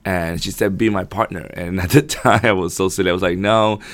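A man's voice: low voice, fairly even intonation, fairly quick, a bit bright, no echo. A man, a dance studio owner and podcast guest, telling his story in a friendly way and laughing easily. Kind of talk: casual interview chat.

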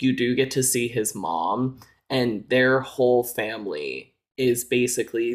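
A man co-hosting a podcast, chatting casually and explaining things at length, with lots of "like" fillers. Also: mid-range voice. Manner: explanatory, filler-heavy with frequent "like". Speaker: podcast co-host. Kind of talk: casual chat.

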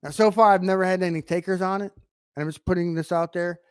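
A man preaching an online sermon to camera, emphatic, asking rhetorical questions and swinging from quiet to loud. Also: sits high, fairly even intonation, quick pace, clear, resonant tone, no echo, clean studio sound.

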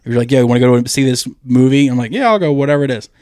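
A man's voice: medium pitch, rapid-fire, a little mellow, dry recording, clean studio sound. A man co-hosting a casual comedy podcast, telling rambling, profane stories and acting out the people in them. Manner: profane, rambling storyteller who acts out the people in his stories. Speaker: podcast co-host.

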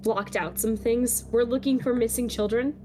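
A woman's voice: on the high side, steady tone, moderate pace, warm tone, slight background noise. Nervous, giggly woman player. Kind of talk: playing a tabletop game.

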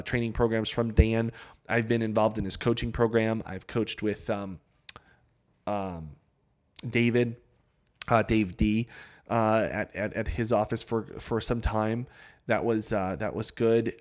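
A man's voice: fairly low pitch, a little mellow. A man hosting a podcast, explaining a topic in a loose conversational way and repeating his key points. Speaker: podcast host. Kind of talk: casual teaching monologue.

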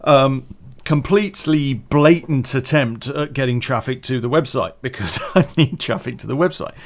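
A man's voice: mid-range voice, normal speed. A man hosting a solo podcast, rambling in casual chat, chuckling often and swearing freely. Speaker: podcast host.

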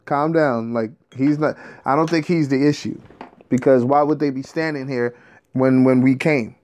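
At medium pitch and normal speed, a man tells a story in a casual monologue. His delivery is animated and streetwise, full of profanity and slang.

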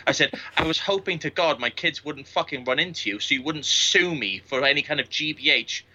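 A man's voice: a little high, lively intonation, a little fast, few pauses, sharp tone, muffled recording, a little hiss or hum. A man in his late thirties, a podcast guest, telling crude, boastful anecdotes full of swearing in casual chat. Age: 30s. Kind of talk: casual storytelling.

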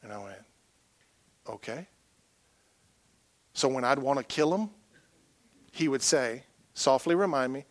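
A middle-aged pastor preaching a sermon, folksy, moving from quiet asides to loud rousing calls. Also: male voice, medium pitch, animated, normal speed, long pauses, dry recording.

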